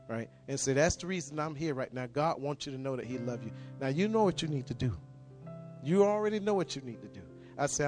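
Earnest pastor praying over guitar. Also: male voice, mid-range voice, animated, darkish tone. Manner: earnest, repetitive, halting with restarts. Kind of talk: prayer and sermon storytelling.

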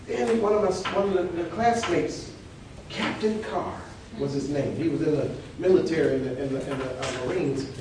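A male preacher, telling an animated testimony and acting out the people in his story. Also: a little high, normal speed. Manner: animated storyteller, acts out quotes with laughter. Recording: echoey hall, distant mic, noisy.

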